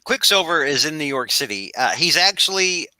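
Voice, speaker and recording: A man's voice: on the high side, animated, normal speed, sharp tone, no room sound, poor audio. A man hosting a casual podcast chat, rambling with many restarts and laughing at his own jokes. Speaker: podcast host.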